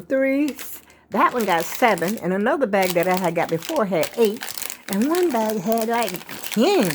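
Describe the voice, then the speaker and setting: With a voice on the high side, an older vlogger rambles chattily from home, slightly out of breath, calling her viewers "y'all." The background is noisy.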